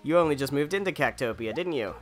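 A man voicing a polite, gentle female elephant villager while reading a video game's dialogue aloud. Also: mid-range voice, animated, fast, faint music behind, voice pushed up, close to an everyday voice.

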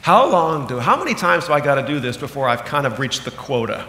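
Animated pastor preaching in an echoey church. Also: male voice. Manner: animated, swings between loud emphatic bursts and low slow asides. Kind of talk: sermon. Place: church sanctuary. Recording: echoey hall with long reverb.

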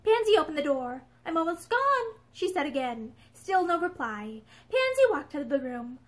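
A woman narrates a novel aloud with expressive storytelling. Her voice is high and animated, with wide swings of pitch. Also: moderate pace. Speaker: reader. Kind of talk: audiobook narration. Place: indoor room with bookshelves.

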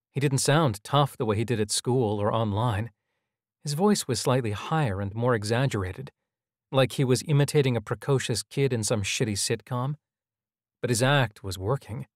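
A man narrating a scripted audio drama in an even, measured storytelling manner. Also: mid-range voice, no echo, studio quality.

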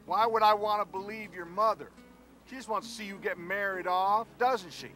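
An actor playing a dry, sarcastic fiancé on a road trip who bursts into yelling. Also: male voice, sits high, steady tone, normal speed, faint music behind. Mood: bitter. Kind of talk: comedy sketch acting.

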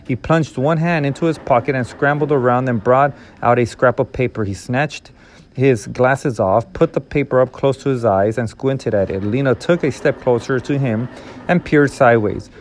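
A man reading a novel aloud in a steady, measured storytelling manner. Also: mid-range voice, a little hiss or hum. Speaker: reader.

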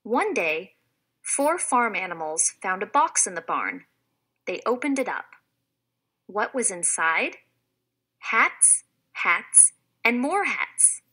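A woman reading a children's storybook aloud in a clear, expressive way, like a teacher. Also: mid-range voice, takes it slowly.

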